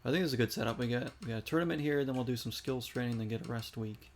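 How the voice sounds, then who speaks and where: A man talking his way through a video game in a loose, chatty voice of middle pitch, reacting out loud as he plays. A faint hum of room ambience and keyboard clicks sits under his voice. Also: rapid-fire. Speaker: gaming streamer. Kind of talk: casual gameplay commentary.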